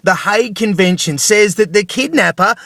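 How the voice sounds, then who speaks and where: A man's voice: sits high, normal speed, fairly bright tone, no echo, clean studio sound. A middle-aged man with an Australian accent, ranting angrily to camera with lots of swearing and repeated rhetorical questions. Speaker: vlogger. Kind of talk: angry ranting monologue.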